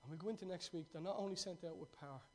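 A man preaching a fervent, storytelling sermon that swings from loud to hushed. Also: sits high, very fast.

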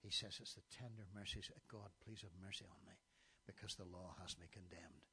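A man's voice: deep voice, fairly even intonation, fairly quick, vocal fry, bright, forceful tone, breathy edge. A middle-aged man preaching a sermon, reciting scripture passages with emphasis and now and then stumbling over his words.

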